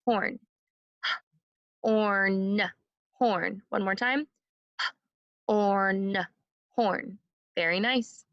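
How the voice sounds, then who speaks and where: A woman teaching a second grade phonics lesson, sounding out words slowly and clearly and having the class repeat after her. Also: medium pitch, pushed and bright, dry recording, dull audio.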